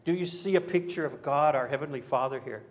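A man preaching a sermon, telling a story dramatically and moving between emphatic passages and hushed ones. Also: mid-range voice, brisk. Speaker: pastor.

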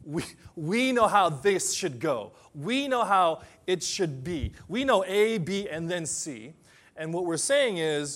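Male pastor, fairly high voice, animated sermon delivery with loud peaks and hushed asides. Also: takes it slowly. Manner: animated, swings between loud emphasis and soft asides.

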